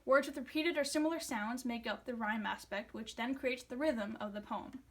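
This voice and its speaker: A young woman presents a poem analysis for a class project. Her voice sits a little high. She reads from a script and stumbles into fillers and restarts when she explains. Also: normal speed. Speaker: student presenter.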